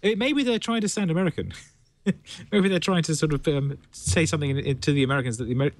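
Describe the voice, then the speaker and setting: A man's voice: fairly high pitch, fast talker. A man appearing as a guest on a tech podcast, thinking aloud with hesitant, trailing sentences. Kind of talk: casual tech podcast chat.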